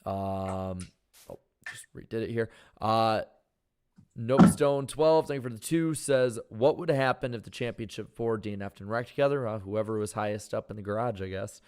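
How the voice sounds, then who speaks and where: A man with a worn-out, hoarse voice, co-hosting a casual podcast and reading out viewer super chats with halting restarts. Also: fairly low pitch, a little mellow.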